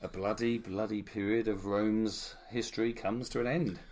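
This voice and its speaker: A man's voice: lowish voice, steady tone, normal speed, a little mellow. A man co-hosting a casual history chat, retelling events with irreverent, jokey asides. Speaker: podcast co-host.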